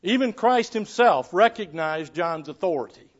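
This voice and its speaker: A pastor with a high voice preaches a sermon at a moderate pace, reading old scripture aloud in an animated way. He moves between ringing declarations and quiet asides, chuckling now and then, and the recording has a dull, lo-fi sound.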